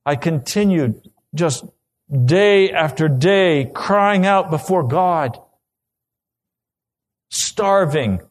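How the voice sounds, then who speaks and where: A man's voice: fairly high pitch, animated, extremely slow, pauses often. A man preaching a sermon, telling his own testimony earnestly and then pressing urgent questions on the listener.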